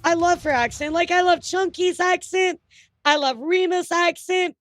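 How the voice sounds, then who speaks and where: A woman streamer chatting casually through the news with her viewers, rambling and excitable, often stammering and swearing. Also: very high voice, moderate pace, no room sound.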